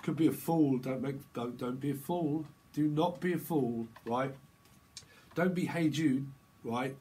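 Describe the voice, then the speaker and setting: A man giving a casual, rambling tarot reading, breaking into quick acted-out exchanges full of slang. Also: mid-range voice, dark tone, a little hiss or hum, rough recording. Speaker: tarot reader.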